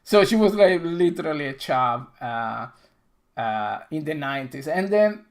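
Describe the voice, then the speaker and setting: Creaky-voiced middle-aged man, halting speech. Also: fairly high pitch, animated. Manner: halting non-native phrasing, frequent restarts and chuckles. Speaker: game developer and stream host. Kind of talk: casual chat on a dev stream.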